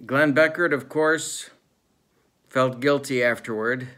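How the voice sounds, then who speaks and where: A man narrates a tabletop baseball replay in the manner of a old-school sportscaster. His delivery is mock-serious and deadpan. It moves at an easy, relaxed pace, with plenty of fillers in between. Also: medium pitch, slow pace. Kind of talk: play-by-play style narration of a tabletop game replay.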